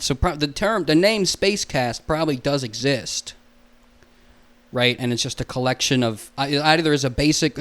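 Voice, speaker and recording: A man's voice: medium pitch, smooth. A young man hosting a solo podcast alone in a room, goofy and self-mocking, rambling and swearing a lot.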